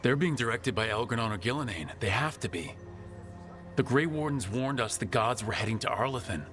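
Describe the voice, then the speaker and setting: A man voices a decisive adventurer hero in a fantasy video game. His voice is medium-pitched and his delivery is calm, plain-spoken and steady. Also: brisk, soft background music, close to an everyday voice.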